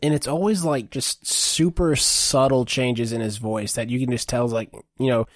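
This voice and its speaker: A man's voice: mid-range voice, steady tone, moderate pace, hardly any pauses, no echo, studio quality. A man co-hosting a casual podcast, explaining his game picks in a thoughtful way with frequent ums. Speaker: podcast co-host.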